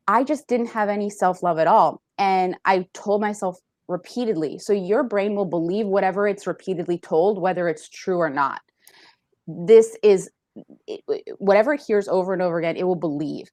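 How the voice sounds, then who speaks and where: A personal trainer appearing as a podcast guest speaks earnestly in a casual interview, often laughing and acting out what people said. Her mid-range, darkish voice moves at a moderate pace, recorded in a clean studio with no echo.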